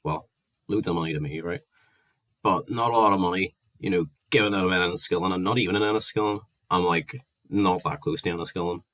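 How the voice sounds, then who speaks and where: Low-voiced Northern Irish man ranting. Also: quick pace, fairly bright tone. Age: 20s. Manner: heated, sweary, exasperated ranting. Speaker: vlogger. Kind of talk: angry ranting monologue.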